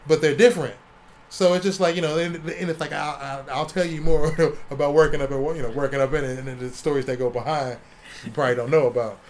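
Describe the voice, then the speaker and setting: Animated storytelling man from Ohio. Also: a little high, fast, slight background noise. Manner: animated, swears, acts out quotes. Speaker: comic artist guest. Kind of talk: casual storytelling interview.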